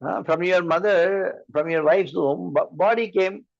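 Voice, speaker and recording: A spiritual teacher with an Indian English accent preaches at a measured pace in a high, creaky voice, relying on repeated rhetorical questions to make his point. The audio is dull, with no echo.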